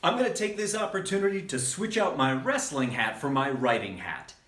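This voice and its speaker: Male wrestling coach, mid-high voice with animated pitch, teaching in an echoey room. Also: normal speed. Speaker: wrestling trainer. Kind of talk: instructional talk to camera. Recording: roomy echo.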